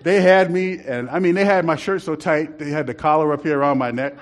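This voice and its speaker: A man's voice: on the high side, fairly quick. A man telling a rambling church story in a casual, laughing way. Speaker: church member telling a testimony.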